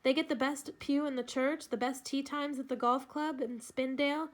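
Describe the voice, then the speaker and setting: A woman doing a scared little girl who keeps apologizing, her voice high and light and a touch raised. The girl sounds tearful and pleading, the voice of a children's story read aloud. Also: fairly even intonation, normal speed, natural voice. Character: timid frightened young white girl.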